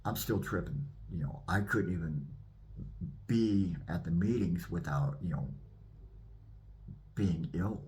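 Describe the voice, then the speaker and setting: Deep-voiced man telling his testimony. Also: slow, pauses often. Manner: animated, acts out scenes. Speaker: minister giving his testimony. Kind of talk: personal testimony storytelling.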